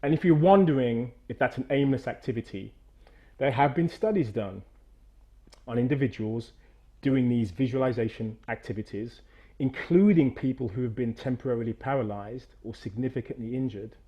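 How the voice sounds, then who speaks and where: Man, middle-aged, movement coach, animated, encouraging, medium pitch, video call. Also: moderate pace, dull audio. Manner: animated, coaching, strains loudly on repeated counts. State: out of breath after exercise. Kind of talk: energetic guided demonstration.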